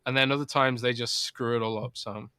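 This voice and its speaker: A young adult man co-hosting a casual podcast, chatty, with lots of filler words and quick asides. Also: medium pitch, steady tone, sharp tone, clean tone, no room sound, studio quality. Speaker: podcast co-host. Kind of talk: casual chat.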